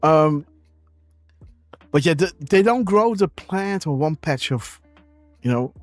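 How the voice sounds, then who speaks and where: A man's voice: fairly high pitch, animated, slow pace, no echo, faint music behind. A man hosting a live stream, chatting casually in a rambling way, with many fillers and frequent laughs. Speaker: show host.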